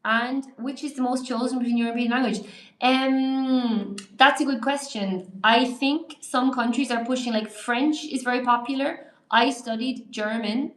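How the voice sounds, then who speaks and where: A woman's voice: a little high, steady tone, measured pace, roomy sound. An Irish woman teaching English on a live stream, chatting through viewer comments aloud and answering them. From Ireland.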